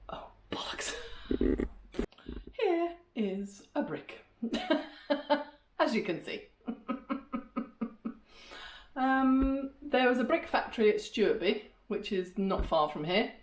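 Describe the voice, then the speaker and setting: A woman's voice: on the high side, animated, very slow, long pauses. A middle-aged woman chatting casually in a vlog, laughing often and poking fun at herself. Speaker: vlogger. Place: outdoors by a canal, then indoors at a house.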